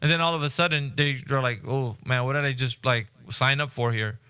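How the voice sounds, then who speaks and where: A man's voice: medium pitch, steady tone, brisk, pushed and bright, clean tone, no room sound. A man hosting a casual voice-chat discussion, talking earnestly and rambling with frequent restarts. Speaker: Discord voice chat host.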